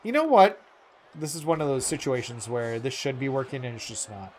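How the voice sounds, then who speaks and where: A man's voice: mid-range voice, lively intonation, a little fast, darkish tone. A man live-streaming a video game, chatting casually with viewers in a rambling, earnest way full of fillers and self-corrections. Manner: earnest and heartfelt. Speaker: gaming streamer.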